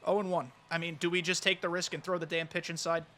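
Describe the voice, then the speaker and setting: High, bright-voiced excitable gaming man. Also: fast talker. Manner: excitable, chatty, talks to chat. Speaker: gaming YouTuber. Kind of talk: live gameplay commentary.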